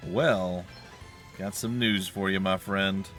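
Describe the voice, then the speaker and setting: A man's voice: sits low, fairly even intonation, takes it slowly, a bit bright, soft background music. A man hosting a let's play, chatting casually and joking as he talks to the enemies on screen. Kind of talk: casual gaming commentary.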